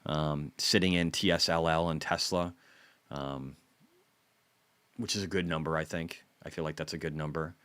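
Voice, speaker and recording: Male streamer, deep low voice, dry close mic, swearing casual market chatter. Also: no echo. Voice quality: blunt and profane, swings between mumbling asides and loud bursts. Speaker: stock market livestream host. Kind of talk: casual live trading stream.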